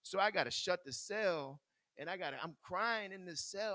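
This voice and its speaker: A man's voice: high-pitched, moderate pace, pushed and bright, no room sound. A man telling a personal recovery story to a group in a casual, candid way. He laughs often and repeats words while he searches for what to say. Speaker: speaker in recovery sharing his story.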